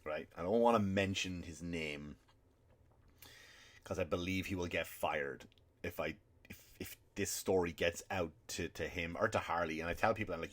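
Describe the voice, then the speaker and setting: A man's voice: sits low, moderate pace, a bit bright. A male comedian hosting his podcast, telling a rambling, profane story with indignant asides.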